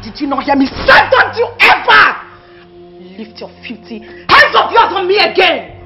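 An actress playing an abused wife who shouts back at her husband in defiance. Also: high-pitched, very animated, moderate pace. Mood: defiant. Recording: dull film audio with music.

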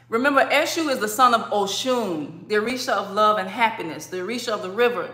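Bright, lively woman teaching a workshop. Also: mid-range voice, quick pace, roomy sound. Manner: lively, acts out crying and laughing. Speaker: spiritual teacher.

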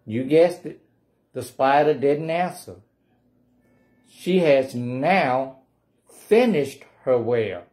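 A man's voice: medium pitch, animated, very slow, pauses often, darkish tone. A man reading a picture book aloud at a library storytime, playfully coaxing the children to say the refrain along with him.

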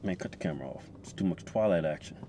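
Jokey guy in a car, voice all over the place, clear road noise in the background. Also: sits low, fast talker. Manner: playful, animated, laughs easily. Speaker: co-host. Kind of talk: casual joking banter. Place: inside a car at a drive-thru.

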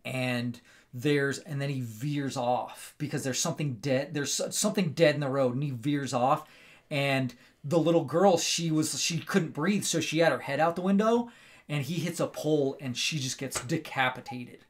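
A man hosting a casual movie review, telling the story in an animated, rambling way with lots of fillers and tag questions. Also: medium pitch, normal speed. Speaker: movie review show host.

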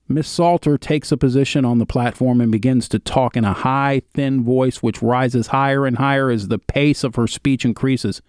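A man's voice: mid-range voice, no echo, clean studio sound. A man narrating a video, reading an old written account aloud and stopping now and then for casual asides. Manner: steady reading, broken by casual spoken asides.

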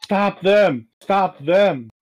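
A man voicing a panicked halfling leader who yells orders at intruders. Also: high-pitched, lively intonation, very slow, lo-fi sound, soft background music, voice pushed up, exaggerated voice. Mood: shrill yelling. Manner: yelling orders.

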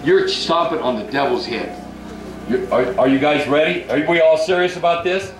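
An older man preaching at a revival, leading a crowd in shouted call-and-response prayer. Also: a little high, moderate pace, roomy sound, rough recording.

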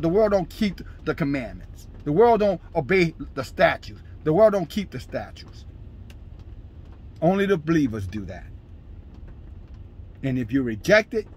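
A man preaching a fiery, scolding sermon, shouting scripture in bursts at his listeners. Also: fairly high pitch, slight background noise. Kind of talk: fiery street-style sermon.

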